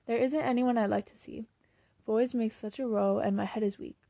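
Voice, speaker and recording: A woman's voice: fairly high pitch, fairly even intonation, moderate pace, vocal fry, warm tone. A woman voicing a shy teenage boy who is sick with a cold, giving short, glum answers.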